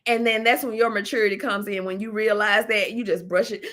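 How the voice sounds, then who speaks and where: A woman's voice: fairly high pitch, a little fast, hardly any pauses, bright, forceful tone. A woman hosting a casual livestream, talking straight to her viewers, laughing often and playful. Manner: uses y'all and baby, talks to viewers directly. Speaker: livestream host.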